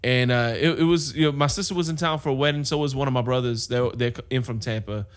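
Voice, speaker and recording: Fast and smooth, a medium-pitched man co-hosts a chatty podcast, spinning animated stories full of laughter and performed quotes.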